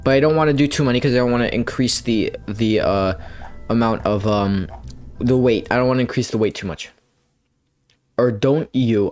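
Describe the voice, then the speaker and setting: A young man giving rambling, playful gameplay commentary, with bursts of excitement when things go his way. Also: lowish voice, moderate pace. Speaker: gamer.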